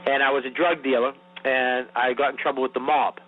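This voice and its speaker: Male podcast co-host, husky voice, rambling profane storyteller, phone-quality sound. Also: mid-range voice, flat delivery, brisk. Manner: rambling, profane, frequent restarts. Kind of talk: casual comedic storytelling. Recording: tinny phone-like audio.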